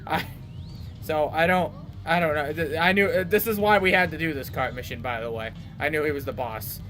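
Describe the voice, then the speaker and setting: A young man playing a video game and chatting casually, reacting out loud to the game. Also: fairly high pitch, fairly quick, slight background noise. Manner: lively, reacts to the game, laughs easily. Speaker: gameplay co-host playing the game. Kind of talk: casual chat while playing. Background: faint game music.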